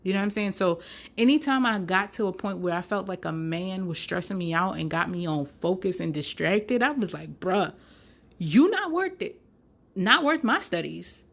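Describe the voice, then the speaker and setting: A young woman hosting a podcast, telling a story in a sassy, animated way with lots of slang and laughter. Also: medium pitch. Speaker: podcast host. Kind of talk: casual storytelling.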